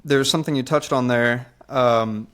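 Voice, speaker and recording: A man's voice: mid-range voice, moderate pace, fairly bright tone, clear, resonant tone. A man hosting a podcast, asking his guest a question politely with a few hesitations. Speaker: podcast host. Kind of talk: interview question.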